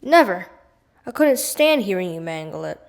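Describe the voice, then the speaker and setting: A woman's voice: mid-range voice, animated, normal speed, lightly acted. A woman voicing a fussy, insistent French shopkeeper man who speaks emphatically, in a read-aloud storybook. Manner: emphatic and fussy about pronunciation.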